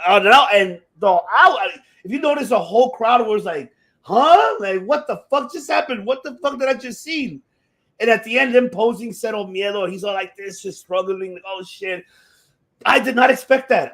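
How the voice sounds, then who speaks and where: A man hosting a casual chat show, talking excitably with lots of swearing and restarts. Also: high voice. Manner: excitable, profane, rambling with many restarts. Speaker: podcast host. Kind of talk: casual chat about wrestling.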